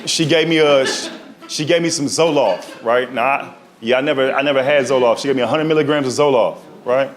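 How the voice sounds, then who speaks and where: A male stand-up comedian telling stories in an animated way, often checking in with the crowd. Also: medium pitch, brisk. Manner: animated, storytelling, often asks "right?". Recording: live club with loud audience laughter.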